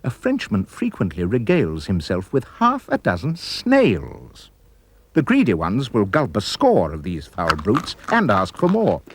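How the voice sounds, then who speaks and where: A man narrating a rhyming storybook in a playful, expressive way. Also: lowish voice, a little hiss or hum. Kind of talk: storybook reading in rhyme.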